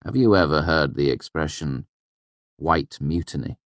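A man with a low voice reading the lines of a wry, weary male innkeeper and storyteller, with dry, pointed teasing. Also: a little slow, dry recording.

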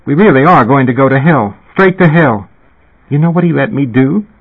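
A man reading an audiobook, voicing a giddy, mischievous young woman with a husky, raised voice, on a tinny, phone-like recording. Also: medium pitch, animated, moderate pace, pitched above the performer's own voice. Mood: giggly. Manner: giggly, conspiratorial, gushing.

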